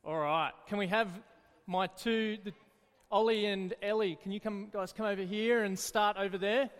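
High-voiced man leading a children's Bible talk. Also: moderate pace, smooth, in a large hall. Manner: lively, encouraging, storytelling. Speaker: children's church leader.

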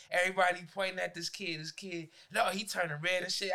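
A man, a teacher, telling a profane, animated story in a casual podcast chat. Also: high voice, fast talker, creaky, few pauses.

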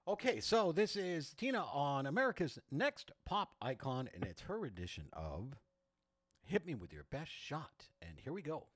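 A man's voice: fairly high pitch, big pitch swings, moderate pace, fairly bright tone, no room sound. A man hosting a singing contest from a studio, chatty and laughing at his own jokes. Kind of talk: playful show hosting.

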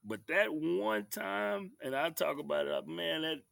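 Brief: man in his fifties, basketball coach, gravelly voice, animated storyteller, close dry mic. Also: on the high side, unhurried, dry recording. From Texas. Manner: lively storyteller acting out referees and himself.

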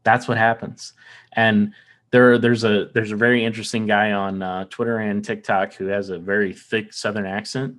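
On a casual podcast, a man from the American South with no Southern accent speaks in a lowish, slightly bright voice with flat delivery at normal speed. He's earnest but rambling, frequently starting over and repeating words.

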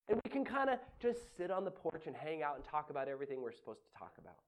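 A male pastor giving a sermon in an animated, conversational way, laughing often. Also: on the high side, fast talker, few pauses.

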